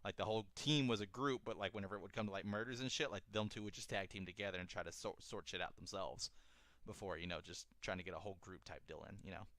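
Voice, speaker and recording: A man's voice: deep voice, fast, a bit bright, no echo. A young man co-hosting a podcast, retelling a story in a rambling, laid-back way, full of fillers and swearing. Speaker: podcast co-host. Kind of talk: casual chat.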